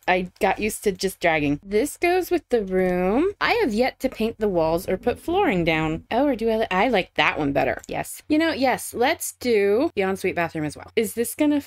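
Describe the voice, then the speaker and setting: A woman's voice: mid-range voice, dry recording, studio quality. A woman casually thinking aloud while building in a game, questioning herself, indecisive and swearing now and then. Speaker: gaming content creator.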